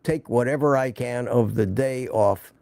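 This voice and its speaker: A man's voice: medium pitch, unhurried, gravelly, darkish tone, no room sound. An older man hosting a casual live stream, rambling and joking while recovering from an illness. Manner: joking, rambling, reads viewer comments aloud.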